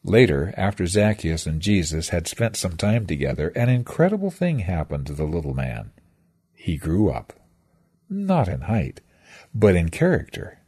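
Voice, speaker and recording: A man's voice: low-pitched, very animated, moderate pace, warm tone, slightly rough. A man reading a scripted devotional that retells scripture stories with reflective, dramatic storytelling. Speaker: devotional speaker.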